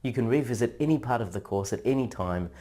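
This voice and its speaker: A man narrating a scripted language lesson in a measured, instructional way, drawing out syllables for practice. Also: mid-range voice, lively intonation, warm tone. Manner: slow, measured, drawn-out syllable drills. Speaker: language teacher.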